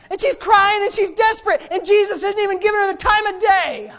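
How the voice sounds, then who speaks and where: Man preaching with big swings in intensity. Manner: dynamic preaching, swinging from low and hushed to high and shouting; drawn-out emphatic phrases. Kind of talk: sermon.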